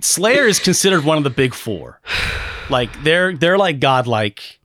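Male podcast co-host, mid-pitched, profane and rambling, dry close mic. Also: sing-song, a little slow, fairly bright tone, no room sound. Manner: rambling, profane, self-deprecating, with many restarts. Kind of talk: casual chat.

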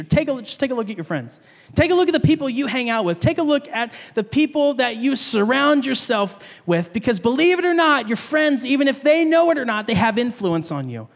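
A man with a high voice preaching a sermon in a church hall. He tells his story in an animated way and laughs often. The long reverb of the hall trails after his words.

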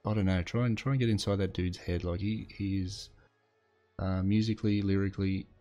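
A man's voice: low-pitched, steady tone, fairly quick, dark tone, soft background music. A man, casually chatting as a podcast co-host, laid-back and hesitant. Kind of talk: casual chat.

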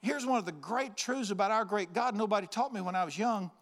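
Folksy joking preacher, high voice. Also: male voice, brisk, fairly bright tone. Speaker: pastor. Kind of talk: sermon.

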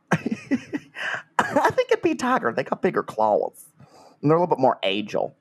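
A man's voice: a little high, huge pitch swings, unhurried, breathy edge, voice pushed up, exaggerated voice. A man voicing a brash Southern redneck customer in an improvised comedy bit, with a put-on Southern accent. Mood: rambling.

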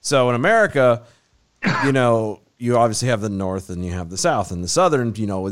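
Man with a lively, jokey voice. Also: medium pitch, a little fast. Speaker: panelist. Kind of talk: casual chat.

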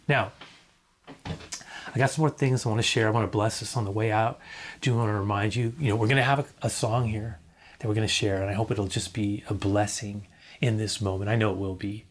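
A man's voice: lowish voice, fairly even intonation, fairly quick. A middle-aged man preaching a sermon as a pastor, earnest, repeating key phrases and sometimes dropping almost to a whisper.

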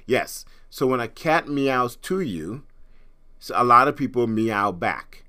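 A man's voice: mid-range voice, slow, sharp tone. A middle-aged man from Trinidad hosting a podcast in casual, rambling chat, with frequent restarts. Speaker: podcast host.

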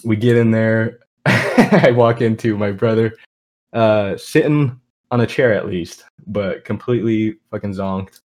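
A man's voice: on the low side, measured pace, darkish tone. A young man co-hosting a podcast, telling a story in a laid-back, amused, rambling way. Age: young adult. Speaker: podcast co-host. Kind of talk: casual storytelling.

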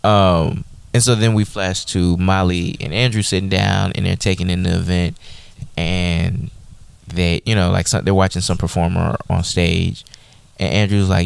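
A man's voice: deep voice, level tone, normal speed, vocal fry, clear, resonant tone, dry recording. A man co-hosting a podcast, recapping an episode in an easygoing way and hedging with fillers. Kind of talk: casual chat.

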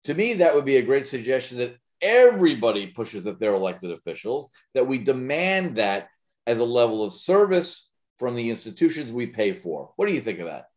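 A man's voice: mid-range voice, sing-song, fairly quick. A man talking as a guest in a casual chat, joking and poking fun at himself. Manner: joking, self-mocking.

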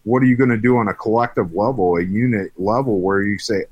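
Frustrated man, profane rant, low voice, dead-dry mic. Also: fast talker, few pauses, darkish tone, dry recording. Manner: heated, profane, frequent restarts. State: frustrated, on edge. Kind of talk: angry political rant.

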